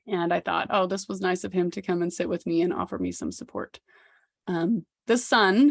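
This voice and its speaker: Podcast mom telling her story, bit of vocal fry, dry close mic. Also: fairly low pitch, no room sound. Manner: candid, reflective, with occasional laughs. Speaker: podcast co-host.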